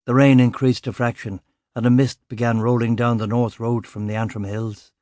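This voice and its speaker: A man reading a crime novel in first person, with a dry, sardonic, gruff delivery. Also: medium pitch, flat delivery, normal speed, darkish tone, no room sound. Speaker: audiobook narrator. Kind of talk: first-person scripted narration.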